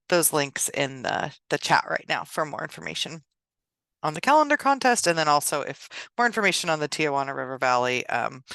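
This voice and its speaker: A woman's voice: low-pitched, gravelly, a bit bright, no room sound. A woman from an agency's outreach team giving a casual update in an online meeting, with many fillers. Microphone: video call.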